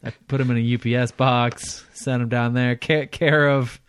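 A man's voice: medium pitch, fairly even intonation, normal speed, clean tone, no echo, clean studio sound. A man with an ordinary mid-range voice, co-hosting a podcast. He trades blunt, joking remarks in loose, casual chat. His tone stays conversational throughout. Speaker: podcast co-host.

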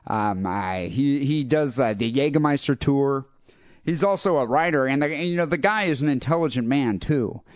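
A young adult man hosting a podcast, telling a rambling story in a casual, animated way and acting out other people's lines. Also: medium pitch, moderate pace, no echo. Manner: animated, quotes people in raised voices. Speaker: podcast host. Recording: dull lo-fi dry podcast audio.

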